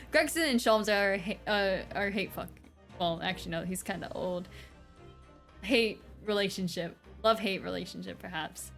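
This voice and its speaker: A woman's voice: mid-range voice, a bit bright. A woman streamer chatting casually and joking with her chat between game lines.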